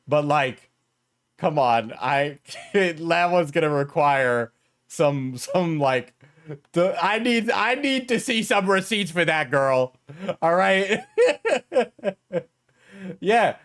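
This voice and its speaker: A man's voice: a little high, animated, takes it slowly, long pauses, a bit bright. Sarcastic, crude-talking male streamer. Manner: sarcastic, crude, laughing often. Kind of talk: casual reaction commentary.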